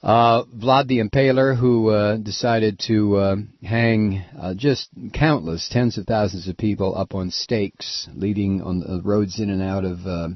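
Husky, rambling male radio host. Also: fairly low pitch, steady tone, measured pace, hardly any pauses, no room sound. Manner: rambling, hesitant, sardonic, many "uh"s. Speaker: radio talk show host. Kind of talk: casual on-air commentary. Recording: dull lo-fi radio audio, dry.

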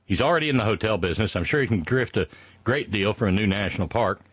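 A man's voice: fairly low pitch, expressive, fast, fairly bright tone, husky, dry recording. A man from West Virginia co-hosting a casual political chat show, profane and rambling, reading listener messages aloud. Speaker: podcast co-host.

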